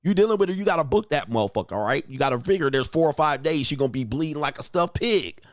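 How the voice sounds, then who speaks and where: A man in his forties hosts a livestream, ranting crudely and boisterously, mocking critics, and reading viewer comments aloud with plenty of profanity. His voice is fairly high with lively intonation and a fast pace, in a dry, studio-quality recording.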